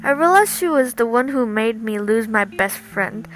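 A woman's voice: on the high side, lively intonation, normal speed, soft background music, low-quality recording. A woman reading a first-person story aloud in an emphatic, dramatic storytelling manner.

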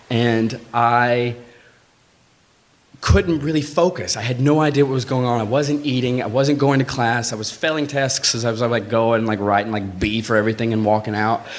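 A man telling a true personal story live on stage, in casual, swearing talk, acting out the voices of the people in it. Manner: animated, acts out quoted voices with big pitch jumps; swearing, conversational, frequent "like".

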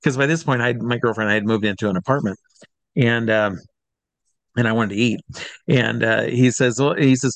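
A middle-aged man from Iowa, an entertainer telling a lively anecdote and acting out the people in it. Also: mid-range voice, moderate pace, no echo. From Iowa, USA. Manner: lively storyteller who acts out the people he quotes. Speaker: entertainer guest. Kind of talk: animated anecdote.

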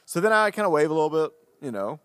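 A man who is a pastor and podcast co-host, telling a story in casual conversation, animated and self-deprecating as he acts out what people said. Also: fairly high pitch, fast talker, clear, resonant tone, dry recording, clean studio sound.

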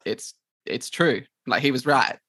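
A man with a bright, forceful voice thinks aloud in a casual podcast chat. He hedges his views and circles back to them. The sound is dry and close. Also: medium pitch, measured pace, no room sound. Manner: thoughtful, hedging, many fillers and restarts. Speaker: podcast co-host.

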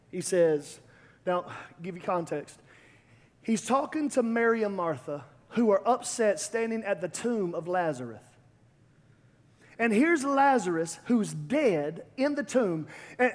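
A man preaching a sermon with rhythmic repetition that builds to emphatic climaxes. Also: sits high. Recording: long hall reverb.

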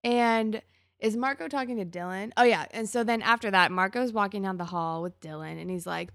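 A woman's voice: mid-range voice, brisk, no room sound, clean studio sound. A woman hosting a podcast, chatting and gossiping as she recaps a TV episode. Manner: chatty, gossipy, acts out characters' lines. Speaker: podcast host. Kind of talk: casual chat recapping a TV episode.

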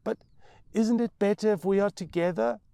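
A man's voice: high voice, normal speed, vocal fry, warm tone, no echo, voice pushed up. A man voicing a frightened, tearful little boy who pleads with his mother.

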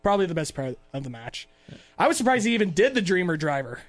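A man's voice: sits high, very animated, quick pace. A man hosting a podcast, recapping events in a rambling, casual chat and laughing often. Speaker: podcast host.

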